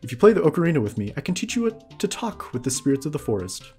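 A man voicing a gentle, friendly young girl of the forest, reading her lines sweetly and earnestly. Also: a little high, very animated, rapid-fire, slightly rough, soft background music, pitched above the performer's own voice.

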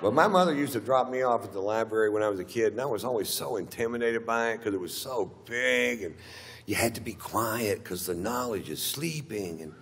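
On a theater stage, a middle-aged Texan comedian with a lowish, slightly bright voice and lively intonation moves briskly through a crude, meandering routine, performing quotes as he tells them. Long reverb and a faint hum mark the live recording.

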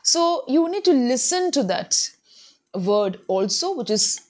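Earnest woman tutor, slightly high voice. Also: sing-song, slow. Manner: earnest, advising, repeats words to model pronunciation. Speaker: English tutor. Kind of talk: spoken English lesson to camera.

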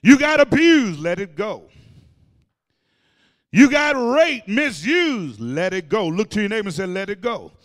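A male pastor preaching a sermon, calling out to the congregation and breaking into shouted and sung phrases. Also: high voice, sing-song, unhurried, pauses often, long reverb tail. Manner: call-and-response preaching, shouting and singing phrases. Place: church sanctuary.

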